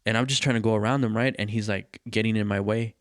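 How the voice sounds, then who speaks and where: Low-voiced man telling a profane story. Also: fast talker, no echo, clean studio sound. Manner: profane, animated, acts out quoted voices. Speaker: podcast host. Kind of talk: casual storytelling.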